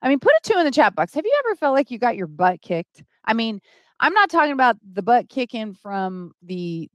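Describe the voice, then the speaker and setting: A woman's voice: a little high, very animated, a little fast, no echo. A middle-aged woman hosting a motivational live stream, talking to her viewers and getting teary as she speaks. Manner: emotional, reads chat names aloud, gets teary.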